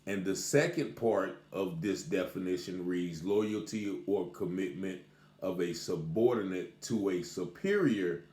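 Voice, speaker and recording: A man giving a casual spoken commentary to camera, deliberate and emphatic, pausing to stress key words. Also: low voice, a little mellow. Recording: echoey room.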